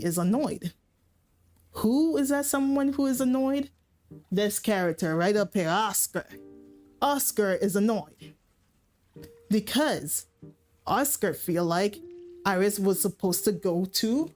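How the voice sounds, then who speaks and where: A woman's voice: medium pitch, animated, takes it slowly, pauses often, a little mellow, soft background music. A woman streamer casually retelling a story, rambling, swearing and laughing.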